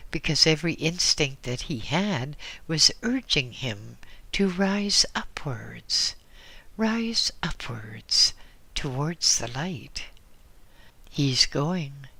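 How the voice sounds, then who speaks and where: A man narrates an audiobook at an unhurried, deliberate pace, his tone bright and forward. He often sinks into a soft whisper, and the sound is close and dry, with no room around it. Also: medium pitch, no echo. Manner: slow, measured reading that drops into soft whispers. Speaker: audiobook reader.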